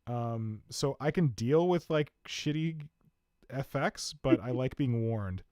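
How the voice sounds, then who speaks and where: A man in his own easygoing voice hosts a casual podcast chat, rambling and poking fun at himself. His pitch sits in the middle, and the recording is dry and close, with no room sound. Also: lively intonation, takes it slowly, a little mellow, dry recording. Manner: chatty, self-mocking storyteller. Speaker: podcast host.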